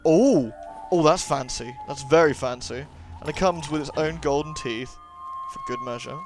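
A man's voice: fairly high pitch, moderate pace. A man casually commentating his gameplay, chatty and rambling with jokey asides. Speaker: let's play host. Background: game music.

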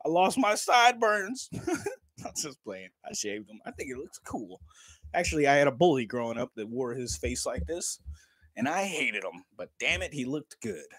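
Laughing, swearing livestreamer. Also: male voice, on the high side, big pitch swings, normal speed, fairly bright tone, husky, no room sound. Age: 30s. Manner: laid-back, joking, laughs often, swears casually. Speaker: livestream vlogger. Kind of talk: casual livestream chat.

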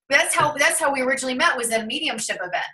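A woman in her thirties from Ohio, hosting a spiritual channel and telling a personal story in a casual, animated way, acting out what people said. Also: sits high, quick pace, distant mic, poor audio. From Ohio, USA. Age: 30s. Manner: animated storyteller, acts out quoted remarks. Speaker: host of a tarot and numerology channel.

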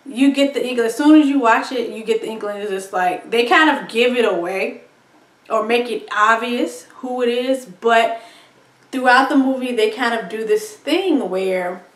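A woman's voice: on the high side, normal speed, distant mic. A woman reviewing a film in a casual, rambling monologue, full of fillers and frequent laughs. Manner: chatty, rambling, laughs often, lots of ums and likes. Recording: echoey room, voice set back from mic.

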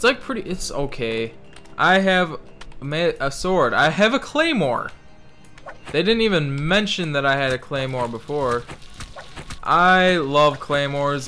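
A man's voice: on the high side, sharp tone. A young man rambling through casual gameplay commentary, reading game text aloud mockingly, swearing freely, and talking in a joking put-on Italian-ish accent. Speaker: gaming channel host.

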